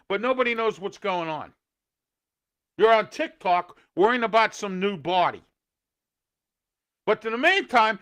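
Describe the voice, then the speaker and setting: Man, host, indignant rant, high voice, bright and tense tone. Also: expressive, normal speed. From Pittsburgh area. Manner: ranting, indignant, scolding. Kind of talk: opinion commentary show.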